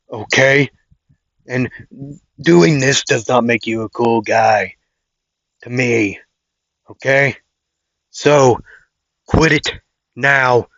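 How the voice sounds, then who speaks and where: A man's voice: medium pitch, fairly bright tone, no room sound. A man voicing an arrogant, hotheaded teenage boy bully who boasts and brushes others off, in a dull lo-fi recording. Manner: boastful and dismissive.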